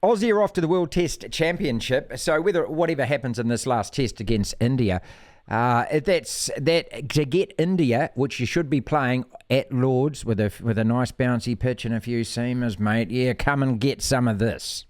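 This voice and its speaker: A middle-aged man hosting a sports chat on radio, animated and teasing, saying mate a lot. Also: mid-range voice, normal speed. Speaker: radio host.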